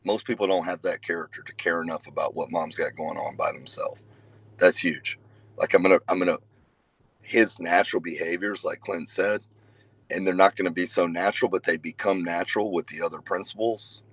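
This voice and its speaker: Deep-voiced man telling stories earnestly. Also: steady tone, moderate pace, slightly rough, no room sound, low-quality recording. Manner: earnest storytelling with emphatic loud bursts; conversational, with frequent fillers. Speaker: father and youth wrestling coach. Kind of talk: casual talk to a group.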